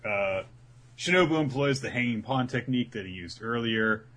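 A man's voice: mid-range voice, expressive, moderate pace, fairly bright tone. A man casually recapping episodes as a podcast co-host, acting out the characters' lines as he tells the story. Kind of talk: casual chat.

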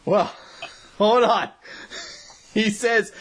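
A man's voice: high-pitched, slow pace, pauses often, fairly bright tone, husky. A man co-hosting a casual chat, riffing crude jokes and laughing often. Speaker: podcast co-host.

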